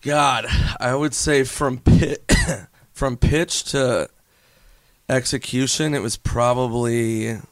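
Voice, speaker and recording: A man with a gravelly, creaky voice, chatting loosely as a guest and laughing often between his words. He swears freely and fills his sentences with "like". The sound is dry and close. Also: medium pitch, fairly even intonation, slow, no echo. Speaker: comedian and actor guest. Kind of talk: casual interview chat.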